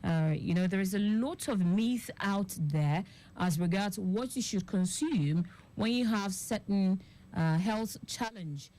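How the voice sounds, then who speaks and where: A woman's voice: mid-range voice, unhurried, mellow. A woman with a Nigerian English accent hosting a radio health interview, asking long, winding questions full of fillers. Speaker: radio show host.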